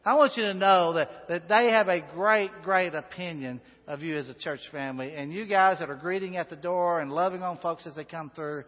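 A man's voice: high voice, fairly quick, hardly any pauses. A man preaching a sermon in a church, folksy and chatty, with asides and fillers. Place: church sanctuary. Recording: dull sound with long hall reverb.

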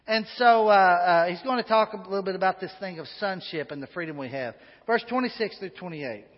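A man's voice: high voice, brisk. A man preaching a sermon in a church, folksy and chatty, with asides and fillers. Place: church sanctuary. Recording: dull sound with long hall reverb.

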